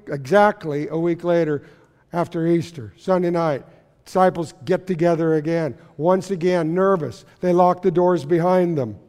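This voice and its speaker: High-voiced pastor preaching in a hall. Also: male voice, a little mellow. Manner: storytelling, asks the room questions. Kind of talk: sermon. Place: church sanctuary. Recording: long reverb of a church hall.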